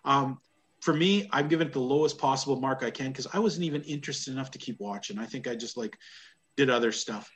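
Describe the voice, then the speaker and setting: A man's voice: mid-range voice, fast, a bit bright. A man from Canada hosting a casual wrestling review podcast, blunt and sarcastic, often laughing at what he describes. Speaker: podcast host.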